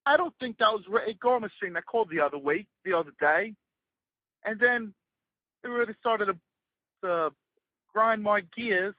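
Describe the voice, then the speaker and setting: A man's voice: high-pitched, dry recording. Profane British man on a tinny phone line. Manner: profane, blustering. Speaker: caller. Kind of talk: comic rant over the phone.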